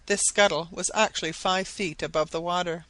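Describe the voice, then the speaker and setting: A man reading a classic adventure novel aloud, narrating with animated delivery and acting out the shouted lines. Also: high voice, normal speed, dry recording, low-quality recording. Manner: animated, acts out shouted quotes. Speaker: audiobook reader.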